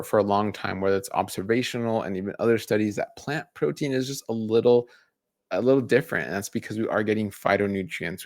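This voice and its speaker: A man's voice: on the low side, dry recording, studio quality. A middle-aged man, a dietitian, talking casually through a list of food label tips, with restarts and fillers. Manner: conversational, restarts and fillers, enumerating points. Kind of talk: casual educational talk.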